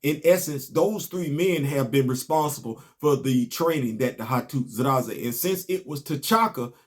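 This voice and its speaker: A man's voice: mid-range voice, a little slow. A man, casually recapping a comic book and telling stories on his podcast. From Southern US. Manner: animated, storytelling, rising to emphatic outbursts.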